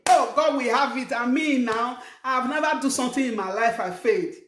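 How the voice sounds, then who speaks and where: A middle-aged Nigerian woman hosting her own show, lecturing viewers in an emphatic, scolding way that rises to shouts. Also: sits high, normal speed, few pauses, roomy sound. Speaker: talk show host. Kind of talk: preaching monologue to viewers. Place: living abroad, in a room.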